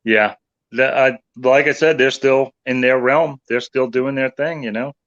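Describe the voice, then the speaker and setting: A male paranormal investigator telling animated anecdotes in casual chat. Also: medium pitch, measured pace, dull audio. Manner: animated anecdote teller, voices others in quotes.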